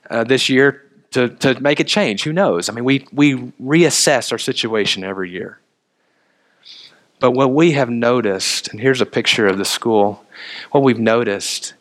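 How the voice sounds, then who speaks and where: A man in his thirties preaches to his congregation in a middle-pitched voice. He moves from story to reflection, often restarting his phrases as he talks. The delivery is relaxed and conversational rather than grand. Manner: storytelling, quotes others in conversation. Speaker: minister. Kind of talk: sermon.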